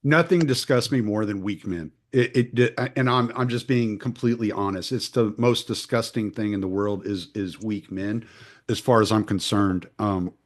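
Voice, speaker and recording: A middle-aged man hosting a podcast, telling stories in blunt, profane casual talk that gets animated. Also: on the low side, normal speed. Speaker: podcast host. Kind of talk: casual conversational storytelling.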